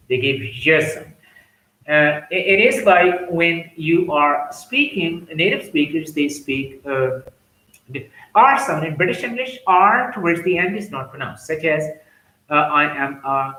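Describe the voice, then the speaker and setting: A man teaching English pronunciation, slowly repeating example words one by one. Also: a little high, expressive, bright, forceful tone, roomy sound, low-quality recording. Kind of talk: pronunciation lesson.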